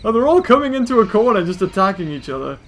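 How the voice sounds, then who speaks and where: A man giving excitable let's-play commentary as a gaming video host, exclaiming at the action on screen. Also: high voice, fast.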